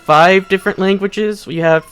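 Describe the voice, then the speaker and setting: A man's voice: high voice, fairly even intonation, moderate pace, a bit bright, smooth, faint music behind. A young adult man giving casual, rambling, self-deprecating commentary while playing a video game. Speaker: let's play host.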